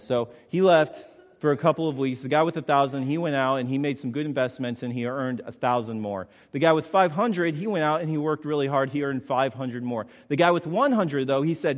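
A man's voice: medium pitch, brisk, long reverb tail. A man preaching a sermon, emphatic, repeating his points and checking in with the congregation. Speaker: pastor.

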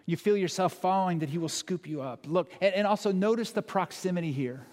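A male pastor preaches in a fairly high voice, talking to his congregation conversationally and earnestly. He asks them questions and challenges them. His voice carries a long hall reverb. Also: brisk, darkish tone. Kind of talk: sermon.

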